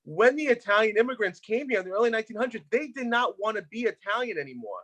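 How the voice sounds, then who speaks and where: A man's voice: high-pitched, expressive, fast, fairly bright tone. A man from Long Island, hosting a casual chat and telling stories with energy. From Long Island, New York. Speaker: host. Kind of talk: casual chat on a video call.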